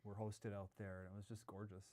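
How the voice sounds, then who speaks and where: A man's voice: fairly low pitch, little pitch movement, brisk, dark tone. Chatty man reading viewer comments. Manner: chatty, laughs often, jokes. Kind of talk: casual livestream chat.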